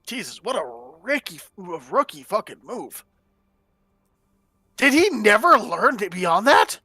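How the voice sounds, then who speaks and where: A man playing a tabletop game, swinging between quiet remarks and loud, joking outbursts. His voice is bright and tense and a little high for a man. The sound is dry and close. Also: big pitch swings, unhurried, breathy edge, no room sound. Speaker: player.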